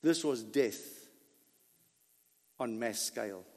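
A man preaching a dramatic first-person sermon monologue, emphatic, full of rhetorical questions and drawn-out words. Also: medium pitch, a little mellow, big-room sound.

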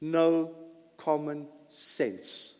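A man preaching a sermon, swinging between loud emphasis and soft asides. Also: on the high side, drawn-out words, clear, resonant tone. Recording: long hall reverb.

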